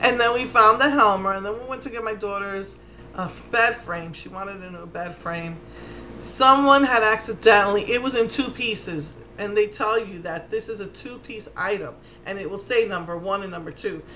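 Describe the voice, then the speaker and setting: Bright-voiced Puerto Rican New Yorker woman. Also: medium pitch, moderate pace, a little hiss or hum. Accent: New York Puerto Rican. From New York. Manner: animated, exasperated, acts out quotes. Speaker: vlogger. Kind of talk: casual storytelling.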